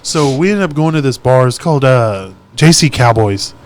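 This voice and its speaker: A young man, telling profane, animated stories in a casual podcast chat. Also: mid-range voice, normal speed, a little hiss or hum. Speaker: podcast host.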